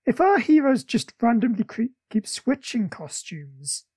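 A man hosts a casual podcast, trading playful jokes and quick asides. His voice is husky, and the sound is close and dry. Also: extremely high pitch, very animated, a little mellow, dry recording. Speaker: podcast host.

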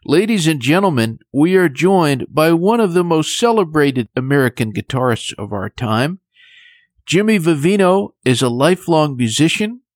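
A man's voice: fairly high pitch, sing-song, moderate pace, no echo, clean studio sound. A male podcast host giving polished, formal introductions to his guest. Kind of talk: podcast hosting.

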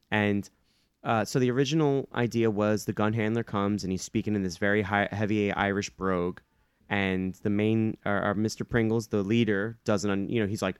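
A man with a lowish, smooth, resonant voice chatting on a podcast. He tells a filmmaking story, quotes people and laughs often. The sound is dry and close. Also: fairly even intonation, fairly quick, no echo. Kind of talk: casual chat.

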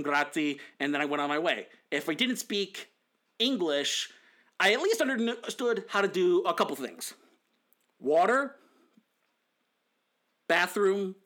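Young male vlogger with a bright, animated, exasperated rambling delivery, suited to casual rant commentary. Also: on the high side. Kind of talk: casual movie-reaction rant.

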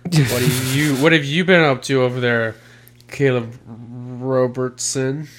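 A man's voice: medium pitch, steady tone, unhurried, background noise. A man in an ordinary middle register hosts a laid-back podcast. He jokes, swears freely and banters loosely with his co-hosts. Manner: loose, profane, laughing banter. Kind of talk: casual chat.

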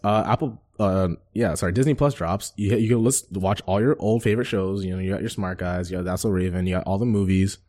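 Chill young guy cohosting a podcast, talks fast, dark mellow tone, lots of likes. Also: low-pitched. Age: young adult. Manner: fast, laid-back, joking, lots of fillers. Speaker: podcast co-host. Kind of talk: casual chat.

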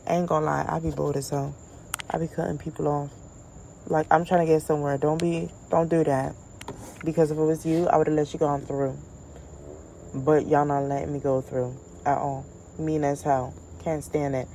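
A woman with a low, mellow voice holds forth in a casual comedic rant. She is blunt and profane, and she tells her stories with animated energy as the host of her own show. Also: moderate pace, gravelly, slight background noise, low-quality recording. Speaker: podcast host.

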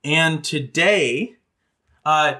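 Male podcast co-host, giggly, excitable, bright tone, higher voice. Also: very slow. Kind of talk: casual podcast chat.

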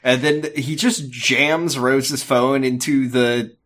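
A man's voice: medium pitch, fairly even intonation, takes it slowly, a bit bright. A man co-hosting a podcast, chatting loosely and joking about an episode, swearing freely. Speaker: podcast co-host. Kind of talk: casual recap chat.

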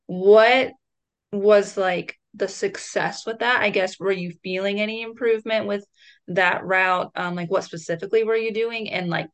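A young woman co-hosting a podcast interview, talking casually and filling her speech with "like". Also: medium pitch. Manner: casual, heavy use of "like". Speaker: co-host.

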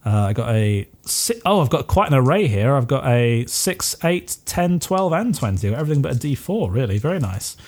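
A man's voice: mid-range voice, very animated, fairly quick, few pauses, a little mellow. A man playing a tabletop role-play game, narrating his moves in a playful way. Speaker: player.

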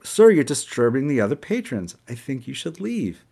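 A man's voice: medium pitch, sing-song, normal speed, gravelly, dark tone, husky, full character voice. A man voicing a condescending male restaurant manager in a read-aloud story. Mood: patronizing. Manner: smug, patronizing.

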